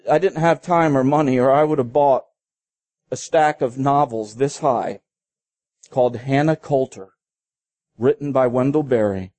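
A man preaching a sermon in an earnest, halting way, slowing down to read quoted passages. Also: medium pitch, dark tone, dry recording. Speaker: pastor.

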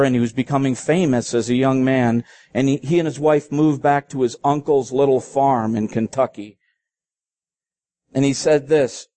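A man preaching a sermon in an earnest, halting way, slowing down to read quoted passages. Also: medium pitch, warm tone, no room sound. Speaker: pastor.

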